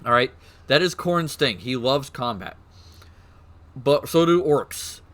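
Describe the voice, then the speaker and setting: A man streaming, excitedly explaining game lore in casual chat, swearing and laughing. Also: mid-range voice, takes it slowly.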